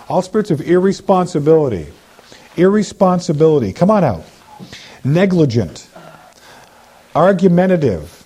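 Husky man commanding spirits out. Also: fairly high pitch, very animated, normal speed, dark tone. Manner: commanding, repetitive, slips into mocking voices of sinners. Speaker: deliverance minister. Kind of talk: deliverance prayer, casting out spirits.

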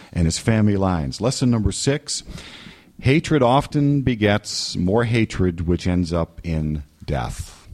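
Animated husky male preacher. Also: deep voice. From New England. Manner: animated, joking asides and mimicry. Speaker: pastor. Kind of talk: sermon.

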